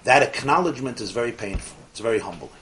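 Male rabbi teaching a class, mid-pitched and emphatic, with a faint hiss behind. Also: animated, quick pace, fairly bright tone. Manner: emphatic, repeats key phrases, asks the audience questions. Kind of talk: religious study class.

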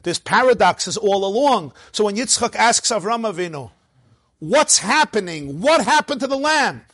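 A man teaching a Torah class as a rabbi, animated and playful, firing off rhetorical questions and jokes. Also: sits high, normal speed, dry recording.

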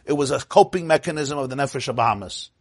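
Husky-voiced man teaching a lively class. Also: mid-range voice, quick pace, dry recording. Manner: chatty, digressive, laughs often, quizzes listeners. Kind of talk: informal Torah class lecture.

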